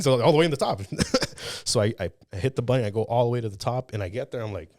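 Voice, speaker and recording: Male podcast host, lowish voice, lively storyteller, dry close mic. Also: quick pace, dry recording. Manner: laughs a lot, animated storytelling. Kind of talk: casual interview chat.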